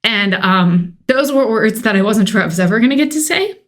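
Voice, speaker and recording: A woman's voice: medium pitch, lively intonation, brisk. A woman in her thirties shares her own adoption story on a podcast. She talks in a casual, emotional storytelling way and slips into the voices of her family when she quotes them.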